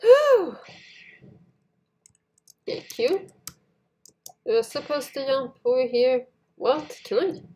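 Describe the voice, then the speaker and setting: A woman giving casual gameplay commentary to her viewers in non-native English phrasing, shouting at jumps. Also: high-pitched, takes it slowly, long pauses, husky. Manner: excitable, talks to the viewers while playing, shouts at jumps. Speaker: gaming YouTuber.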